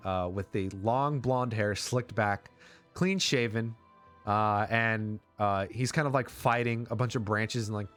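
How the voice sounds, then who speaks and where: A man's voice: mid-range voice, fairly bright tone. A man running a tabletop game as game master, narrating in a loose, rambling way full of likes and uhs. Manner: rambling, filler-heavy narration.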